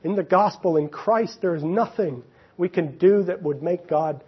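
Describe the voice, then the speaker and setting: A man preaching a sermon, swinging between loud emphasis and quiet, near-whispered moments. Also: high voice, moderate pace, husky, highs cut off. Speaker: pastor.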